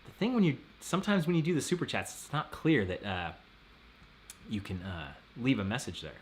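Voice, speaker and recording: A man's voice: mid-range voice, big pitch swings, a little fast, slight background noise. A man hosting a casual live stream, rambling and laughing often as he reads out viewer messages.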